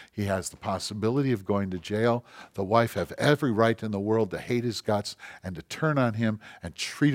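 A man preaching a sermon as pastor, passionate, swinging between loud emphasis and quiet intensity. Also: lowish voice.

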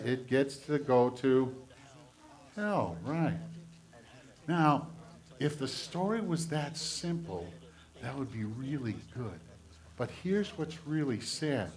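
Gentle pastor giving a children's sermon. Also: male voice, medium pitch, slow, long pauses. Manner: gentle and animated, speaking to kids. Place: church sanctuary.

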